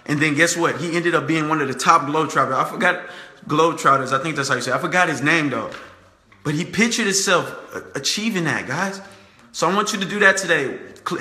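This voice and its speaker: A man's voice: a little high, pushed and bright. A young man giving a fervent, preachy motivational talk to camera, repeating his points and calling his viewers "guys.". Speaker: motivational speaker. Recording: echoey room.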